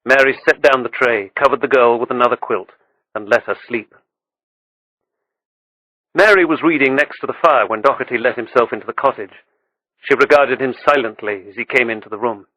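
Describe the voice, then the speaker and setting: A man reading an audiobook with steady, measured storytelling. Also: mid-range voice, no echo, low-quality recording. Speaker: audiobook narrator. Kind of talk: scripted audiobook narration.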